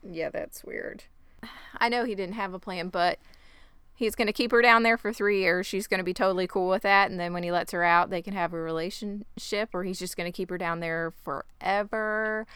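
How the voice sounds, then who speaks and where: Wry, bright-voiced woman recapping a show. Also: medium pitch, steady tone, brisk, clear, resonant tone, no room sound. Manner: wry, sarcastic storytelling, acting out lines. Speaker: podcast co-host recapping a show. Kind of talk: casual chat.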